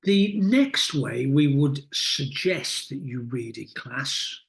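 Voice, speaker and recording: A middle-aged man coaching teachers in a recorded lesson, explaining reading techniques in a deliberate, instructive way with many pauses. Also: mid-range voice, animated, vocal fry. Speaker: teacher trainer.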